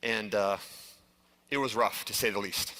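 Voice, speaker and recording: A middle-aged man with a bright, clear-edged voice speaks to a room as a conference presenter. He tells a personal story earnestly, with many casual fillers and restarts. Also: on the low side, unhurried. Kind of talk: live stage presentation.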